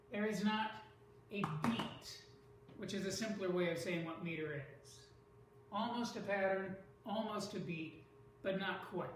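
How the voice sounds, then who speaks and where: A teacher giving a lesson on poetry, speaking slowly and deliberately and sounding out stressed syllables. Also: medium pitch, slight background noise. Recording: echoey room from far off.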